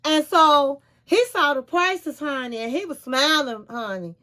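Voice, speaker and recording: High-voiced chatty woman vlogger. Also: unhurried. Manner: chatty, animated, calls the listener "honey". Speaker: vlogger recapping a reality show. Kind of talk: casual storytelling recap.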